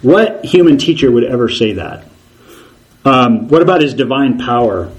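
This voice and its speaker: A man's voice: mid-range voice, lively intonation, normal speed, muffled recording. Male preacher, mid-range voice, earnest and conversational, builds with rhetorical questions. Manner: frequent ums and restarts. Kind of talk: sermon.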